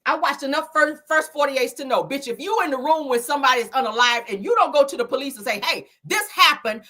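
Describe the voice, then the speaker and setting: A woman's voice: high voice, quick pace, bright, forceful tone. A woman hosting her own commentary show, talking casually and heatedly, with lots of profanity and emphatic outbursts.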